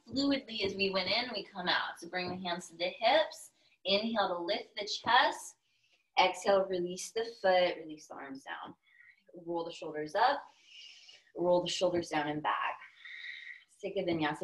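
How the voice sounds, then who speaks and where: Calm woman with a Texan accent cueing yoga. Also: lowish voice, low-quality recording. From Texas, US. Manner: calm instructive cueing, playful asides. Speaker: yoga instructor. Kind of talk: guided yoga class cues.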